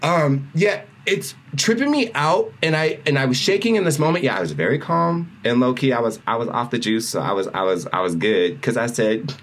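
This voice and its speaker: This male co-host has a medium-pitched voice and a brisk delivery. He spins a lively tale during casual podcast chat, voicing each person's lines himself.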